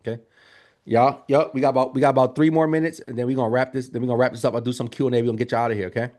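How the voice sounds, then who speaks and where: A man coaching viewers in casual livestream talk, animated and calling to the chat. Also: mid-range voice, racing. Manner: animated, talks straight to the chat with lots of y'all. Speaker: Airbnb business coach. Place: home office.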